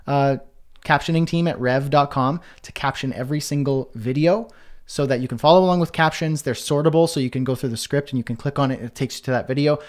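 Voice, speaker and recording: A man hosting a live online Q&A, reading out viewers' comments and answering in a casual, chatty way with many fillers and restarts. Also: a little high. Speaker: host.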